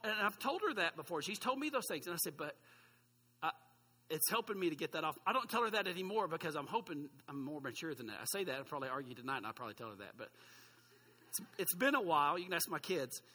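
A man's voice: a little high, very animated, fast talker, pushed and bright, slightly rough, in a large hall. A man in his forties preaching a sermon as pastor, in a conversational, self-deprecating way with asides to the congregation.

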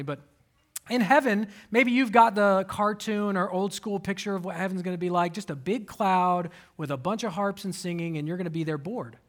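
A man in his thirties preaching a sermon, telling personal stories with animated swings and sudden soft asides. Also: sits high. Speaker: pastor.

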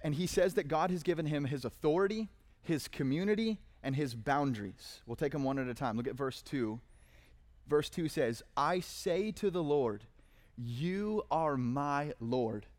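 A man's voice: medium pitch, a little slow, darkish tone. Earnest man preaching a sermon. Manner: earnest, conversational preaching with dramatic readings of verses. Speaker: pastor.

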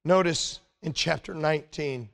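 A man's voice: moderate pace, creaky, fairly bright tone. A middle-aged man preaching a sermon in a conversational, emphatic way, growing more intense as he speaks. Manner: conversational, emphatic, rises in pitch when stirred.

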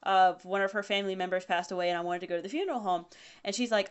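A woman's voice: mid-range voice, very fast, smooth. A woman in casual conversation who is a pastor, telling stories with lots of laughter. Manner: animated storyteller, laughs often. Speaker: co-host. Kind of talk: casual chat.

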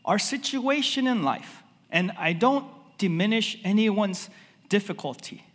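A male pastor delivers a sermon in a relaxed, chatty way, dropping fillers as he goes. His voice sits high for a man. The sound carries a long reverb from a church hall. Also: measured pace. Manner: casual, conversational preaching with many fillers.

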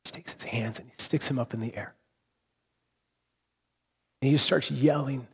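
A man preaching a sermon as pastor, earnest, rising to impassioned repeated phrases and dropping to quiet reflection. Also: on the high side, animated, moderate pace, pauses often, breathy edge. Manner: drops to quiet, soft delivery for reflective points.

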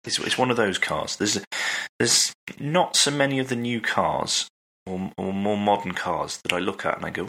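A man's voice: fairly low pitch, normal speed, sharp tone. A man hosting a casual chat, friendly and questioning. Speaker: host.

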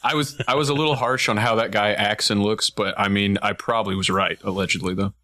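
Joking bright-voiced male podcast host. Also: fairly low pitch, steady tone, fast talker. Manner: joking, rambling, sarcastic. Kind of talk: casual podcast chat.

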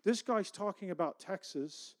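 A man, a pastor, telling a personal story in a conversational, animated sermon style. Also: high voice, normal speed. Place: church.

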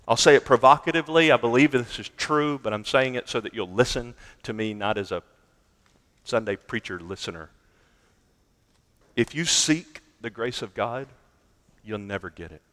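Preaching man in a reverberant hall. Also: medium pitch. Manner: emphatic preaching with wide swings from loud to quiet. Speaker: pastor. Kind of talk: sermon.

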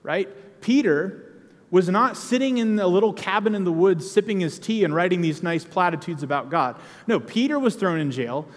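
A man's voice: high voice, expressive, normal speed, long reverb tail. A man preaching a sermon in a conversational way, with sudden emphatic outbursts.

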